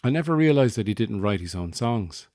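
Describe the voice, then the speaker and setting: A man's voice: fairly low pitch, animated, fairly quick, a little mellow, dry recording, clean studio sound. An Irish man hosting a podcast, telling a rambling, wry comic story with self-mocking asides. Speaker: podcast host.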